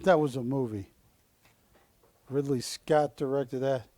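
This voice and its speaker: Calling bids live on a shopping channel from a TV studio, this man jokes, pleads with viewers, and lifts his voice on "going once, going twice." He speaks at a measured pace in a steady, dark, mid-range voice, and the recording is dry.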